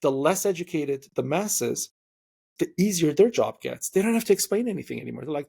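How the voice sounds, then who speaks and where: A young man hosting a podcast interview, talking in an animated, opinionated way and slipping into quoted voices. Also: fairly high pitch, fairly quick, vocal fry, breathy edge. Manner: animated, opinionated, mimics voices when quoting. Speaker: podcast host. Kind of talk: casual interview conversation.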